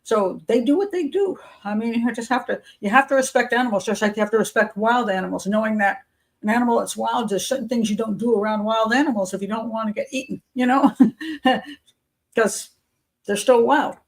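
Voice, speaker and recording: A woman's voice: on the high side, fairly quick. An older woman hosting a live chat show, talking casually and rambling with many fillers and restarts.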